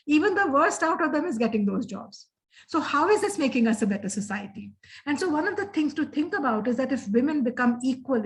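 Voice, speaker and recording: A middle-aged woman speaks as a guest in an interactive session, heard over a video call. Her voice sits a little high, and her delivery is earnest and reflective, with frequent fillers and pauses. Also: low-quality recording.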